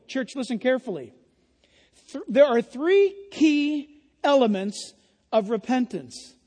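Man, pastor, impassioned sermon, yelling, very high pitch. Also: expressive, a little slow, pauses often, long reverb tail.

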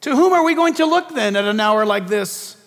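A man's voice: sits high, expressive, fairly quick, a bit bright. A man preaching a fervent political sermon, emphatic and full of rhetorical questions, in a large hall or church.

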